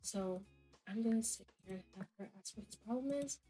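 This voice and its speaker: A woman's voice: medium pitch, brisk, mellow, faint music behind. A woman chatting casually over a life-simulation game, guessing what the characters think and scolding them. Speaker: gameplay narrator. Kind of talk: casual gameplay commentary.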